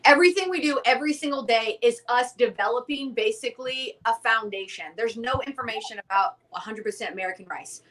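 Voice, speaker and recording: A woman's voice: a little high, brisk, few pauses. A young woman, a guest from a whiskey company, telling a story in a casual interview and acting out the dialogue. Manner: animated, acts out quoted dialogue.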